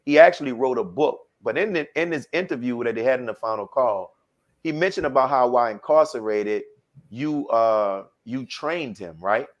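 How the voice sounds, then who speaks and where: A man's voice: medium pitch, moderate pace. A man hosting an interview, asking long conversational questions. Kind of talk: podcast interview. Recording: slightly dull lo-fi sound.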